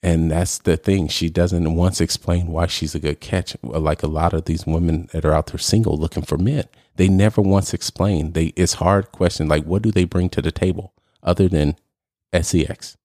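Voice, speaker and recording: A man's voice: low-pitched, steady tone, normal speed, warm tone, dry recording, studio quality. A man hosting a podcast, talking casually and emphatically in a ranting way. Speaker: podcast host.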